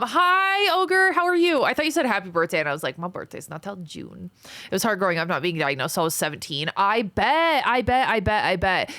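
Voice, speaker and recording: A young woman streamer chatting casually with her viewers, thanking supporters and answering chat with animated exclamations. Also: on the low side, no room sound.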